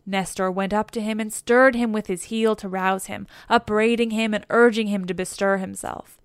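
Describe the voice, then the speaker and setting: A woman reading an epic poem aloud as scripted narration, in a measured, steady way. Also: medium pitch, smooth, no room sound, studio quality. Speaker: audiobook reader.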